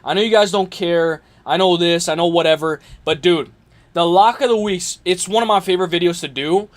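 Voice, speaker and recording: A man's voice: high-pitched, brisk. A man hosting a casual live stream, rambling and filling his talk with "dude" and "whatever". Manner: rambling, filler-heavy, says dude a lot. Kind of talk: casual live stream chat on fight picks.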